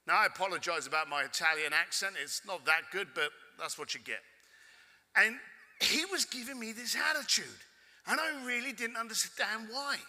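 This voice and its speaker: A man with a London accent telling a cheeky, animated story to a conference audience, swearing casually. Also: sits high, normal speed. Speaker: keynote speaker. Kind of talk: storytelling keynote. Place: conference hall stage with audience. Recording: echoey hall with long reverb.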